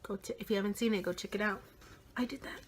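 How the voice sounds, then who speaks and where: An eighteen-year-old woman vlogging a casual story, animated and full of swearing, often dropping into whispers. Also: mid-range voice, quick pace, a little hiss or hum.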